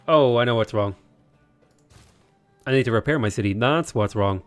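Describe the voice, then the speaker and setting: A man's voice: medium pitch, normal speed, long pauses, soft background music. A young man streaming a strategy game, chatting casually in a rambling, joking way. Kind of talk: casual livestream commentary.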